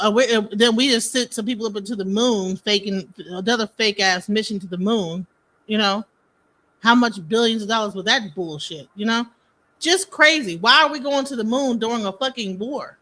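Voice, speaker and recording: A man's voice: high-pitched, bright, forceful tone. A man co-hosting a casual podcast, rambling and heated, swearing freely. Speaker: podcast co-host. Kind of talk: casual chat.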